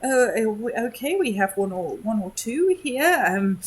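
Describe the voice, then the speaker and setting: A courteous male shopkeeper, played by a woman in a tabletop game, voiced a little higher than her own speech. He talks in halting, hesitant salesman patter. His pace is unhurried. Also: big pitch swings, a little hiss or hum. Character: polite male shopkeeper selling pearls and silks.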